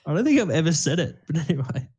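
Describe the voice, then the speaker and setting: A man's voice: a little high, very animated, racing, a little mellow, husky. A young man, co-hosting a podcast in casual chat, rambling and swearing freely. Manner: rambling storytelling, swears freely, many fillers. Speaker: podcast co-host.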